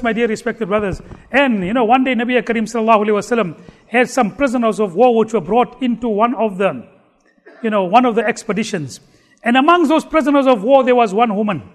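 A man preaching a sermon, telling stories with emphatic repetition. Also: extremely high pitch.

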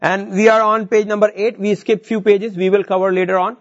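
High-voiced man teaching Arabic. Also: flat delivery, brisk, dull audio. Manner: explains step by step, repeats words, reads Arabic verses aloud. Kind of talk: classroom lesson.

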